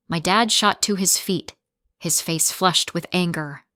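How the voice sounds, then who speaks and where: A woman reads a first-person story with steady, dramatic pacing. Her voice sits on the low side, and the sound is close and dry with no room around it. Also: a little slow, no room sound.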